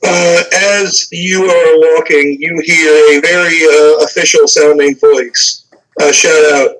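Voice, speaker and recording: A man's voice: fairly high pitch, fairly even intonation, slow, a bit bright, poor audio. A young man narrating a tabletop game as game master, casual and hesitant, full of fillers.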